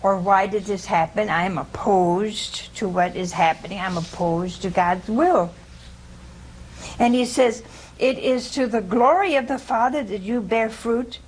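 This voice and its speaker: A woman's voice: medium pitch, a little slow, slightly rough, low-quality recording. Chatty woman preaching to a small group. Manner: conversational, quizzes listeners, chuckles often; acts out quoted speech. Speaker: religious teacher. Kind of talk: informal sermon with audience questions.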